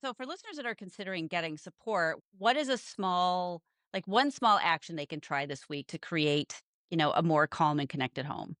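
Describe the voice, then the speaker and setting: A woman's voice: lowish voice, animated, moderate pace, few pauses, a bit bright, no room sound, studio quality. A woman hosting a podcast, telling a story and asking questions in a casual, laughing manner. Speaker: podcast host. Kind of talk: casual interview conversation.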